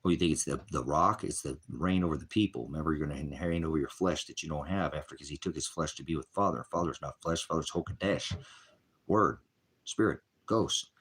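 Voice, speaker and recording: Speaking briskly in a deep, husky voice with a fairly bright tone, a street preacher rambles through an informal sermon. He is combative, swears freely and often clears his throat as he moves between points.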